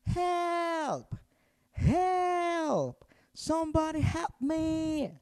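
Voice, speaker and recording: A man's voice: high voice, lively intonation, slow pace, a little mellow, clear, resonant tone, voice pushed up. A man voicing a fussy, choosy little female mouse who speaks politely but firmly. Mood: panicked. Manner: polite and particular.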